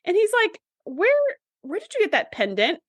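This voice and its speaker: A woman's voice: very high-pitched, big pitch swings, moderate pace, dry recording. A woman co-hosting a podcast, casually retelling scenes and quoting the characters. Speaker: podcast co-host. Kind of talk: casual recap chat.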